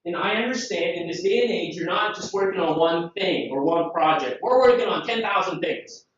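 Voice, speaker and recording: Lively man presenting in an echoey hall. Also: high-pitched, normal speed, slight background noise. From Southeast Asia. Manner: lively, rhetorical questions, jokey asides. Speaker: conference presenter. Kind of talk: live software demo talk. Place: conference room. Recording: very echoey, distant, dull hall sound.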